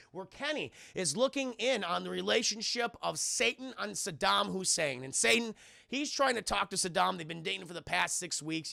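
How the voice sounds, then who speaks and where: Young man, film reviewer, high gravelly voice, bright and sharp, laughing and swearing, dry close recording. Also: no echo. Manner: laughs often, swears freely, acts out quotes. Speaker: film reviewer streaming live. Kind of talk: excited scene-by-scene movie recap to a live chat.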